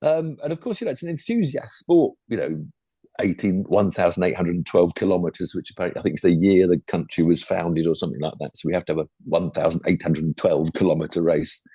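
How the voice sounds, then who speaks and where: A man's voice: deep voice, a little fast, dark tone, slightly rough, dry recording. An older man with a chatty, rambling manner, talking casually about motorsport as a podcast co-host. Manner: chatty, rambling, full of asides. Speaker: podcast co-host and former racing driver.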